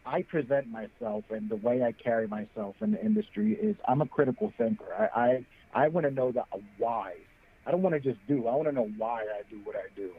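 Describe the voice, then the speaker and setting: A man speaking as a panel guest by phone, earnest and animated, often repeating words as he starts a thought. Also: mid-range voice, slightly rough. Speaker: panelist, program graduate. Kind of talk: casual panel talk by phone. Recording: tinny phone line.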